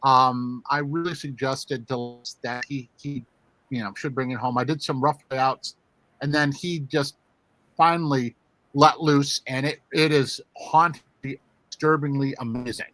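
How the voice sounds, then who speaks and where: A man's voice: mid-range voice, fairly even intonation, unhurried, fairly bright tone, rough recording. A man co-hosting a casual livestream chat, jokey and rambling, with lots of fillers. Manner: jokey, talks over others, rambling fillers. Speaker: co-host.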